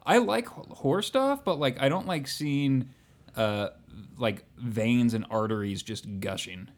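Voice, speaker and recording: A man's voice: medium pitch, lively intonation, a little slow. A man co-hosting a podcast over a remote call, teasing dryly with lots of hesitant fillers. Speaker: podcast co-host. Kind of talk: casual podcast chat.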